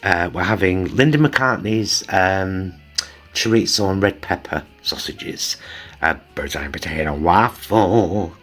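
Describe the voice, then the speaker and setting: A man's voice: low-pitched, takes it slowly, fairly bright tone, faint music behind. A man hosting a casual food vlog, chatty, teasing and affectionate as he shows dinner. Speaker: vlog host.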